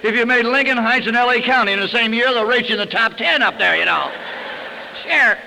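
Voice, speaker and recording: A middle-aged man tells stories to a recovery meeting in a fairly high, very bright voice, laughing at himself along the way. He goes quiet and low when the stories turn sad. He is heard on an old recording from a hall with a long echo. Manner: folksy storytelling, chuckling, dropping low and soft for sad memories. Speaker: AA speaker. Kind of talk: recovery talk to an audience. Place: conference hall. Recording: old 1971 tape in a hall.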